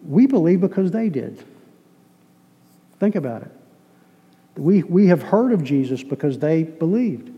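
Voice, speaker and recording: A man's voice: on the high side, big pitch swings, measured pace, pauses often, dull audio. A man from Boston teaching a sermon-style lesson from slides, talking conversationally, repeating words and quizzing his listeners. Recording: long hall reverb.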